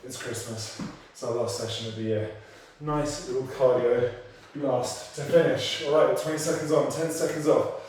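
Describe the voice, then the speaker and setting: A man coaching an online workout class, counting down intervals and cueing form while out of breath, in an energetic, encouraging way. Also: medium pitch, normal speed, hardly any pauses, recorded from a distance. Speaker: fitness instructor. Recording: very echoey room, off-mic, faint noise.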